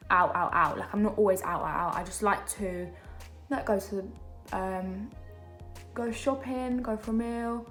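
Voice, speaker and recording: At home during lockdown, a young woman beauty vlogger chats casually while doing her makeup, rambling with plenty of fillers. Her voice is medium-pitched and the room sounds reverberant.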